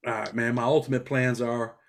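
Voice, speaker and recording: A man's voice: mid-range voice, brisk, gravelly. A middle-aged man from New York, a former prisoner talking bluntly in a casual interview. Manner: blunt, street-talking, animated storytelling.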